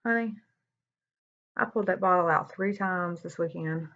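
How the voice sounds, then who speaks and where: A woman's voice: lowish voice, moderate pace, a bit bright, a little hiss or hum. A woman, chatting candidly through a makeup tutorial as a beauty vlogger. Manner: chatty, candid, says y'all a lot. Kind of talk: casual makeup tutorial chat. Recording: dull lo-fi sound.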